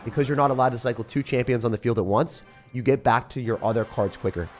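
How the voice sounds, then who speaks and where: A young man commentating his own game on a live stream, fast and jokey, chatting to viewers as he plays. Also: mid-range voice, faint music behind. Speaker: gaming streamer.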